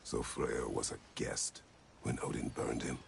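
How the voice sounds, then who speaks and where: An actor playing a stern, hardened old warrior god who speaks slowly, bluntly and tersely in a deep growl. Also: male voice, level tone, vocal fry, a little hiss or hum, heavily acted. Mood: gruff. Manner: slow, clipped and blunt.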